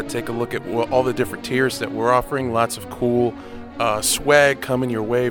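A man co-hosting a podcast over a video call, enthusiastic and teasing, reading a sponsor plug. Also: mid-range voice. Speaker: podcast co-host. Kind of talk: casual podcast chat and ad read.

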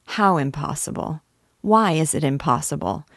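A woman's voice: sits low, normal speed, creaky, no room sound, clean studio sound. A woman reading as an eager, timid young man. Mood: urging.

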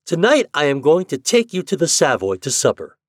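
A man's voice: fairly high pitch, wildly swooping pitch, a little fast, no room sound, studio quality, voice pushed up. A man doing a hearty, assured reporter.

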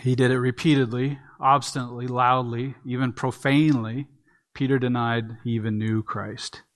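A pastor preaches from the pulpit, working through a text verse by verse in a plain, conversational teaching style. His voice sits at an ordinary middle pitch, his delivery is flat and his pace moderate, and he sometimes restarts a phrase.

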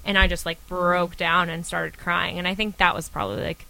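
A woman's voice: on the low side, level tone, normal speed, creaky, bright, forceful tone, rough recording. A woman in her twenties, a podcast guest, chatting casually with many filler words. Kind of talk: casual chat.

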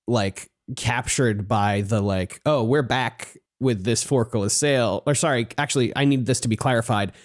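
A man co-hosting a casual book discussion, rambling a little with restarts and acting out characters' lines. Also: mid-range voice. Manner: rambling, many restarts, acts out characters in quotes. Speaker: podcast co-host.

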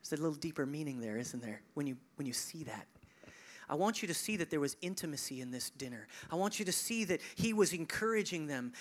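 A male pastor preaching a sermon, conversational and animated, swinging between emphatic peaks and hushed, near-whispered lines. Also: on the high side, a little fast, slight background noise. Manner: conversational asides, chuckling.

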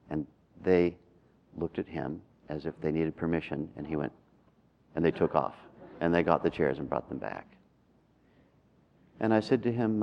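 A man with a very deep voice and a gravelly, fry-laden edge tells a story calmly and reflectively. He speaks as a meditation teacher, measured and unhurried in manner. The recording sounds dull and lo-fi. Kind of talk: storytelling in a talk.

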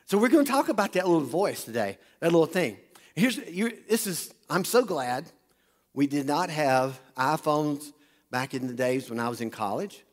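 A man's voice: fairly high pitch, lively intonation, moderate pace. A man preaching a sermon, joking and chatting with the crowd in front of him. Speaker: pastor. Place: large hall with an audience. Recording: long hall reverb.

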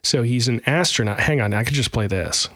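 A man's voice: medium pitch, fairly quick, over music. A man co-hosting a casual podcast, talking in a rambling, self-deprecating way with lots of fillers. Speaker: podcast co-host. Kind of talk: casual chat.

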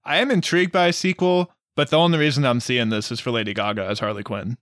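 A man's voice: medium pitch, fairly even intonation, fast, a bit bright, no echo, studio quality. Blunt man chatting on a podcast. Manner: blunt, stumbles on starts. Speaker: podcast co-host. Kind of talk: casual chat.

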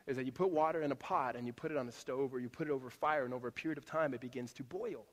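A man's voice: mid-range voice, racing. A man preaching a sermon to a congregation, in a conversational, earnest way with rhetorical repetition. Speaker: pastor. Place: church auditorium. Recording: long hall reverb.

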